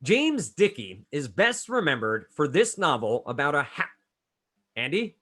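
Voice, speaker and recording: Lively quizmaster man reading clues. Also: fairly high pitch, slightly rough. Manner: brisk, chatty, calls on players by name. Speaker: trivia quizmaster. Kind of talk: reading trivia clues and scoring answers.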